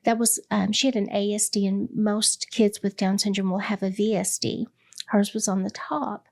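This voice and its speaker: Middle-aged woman guest; gravelly voice, mid pitch; candid, reflective storytelling with frequent pauses. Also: flat delivery, a little mellow. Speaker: hospice director, interview guest. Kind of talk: personal storytelling in an interview.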